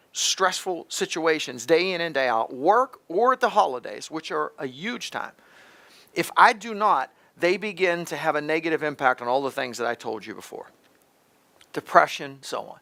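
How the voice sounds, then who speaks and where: Emphatic man with a gravelly, bright voice. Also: on the high side. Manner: emphatic, repetitive restarts, talks directly to the listener. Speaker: host, pharmacist. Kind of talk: health advice talk.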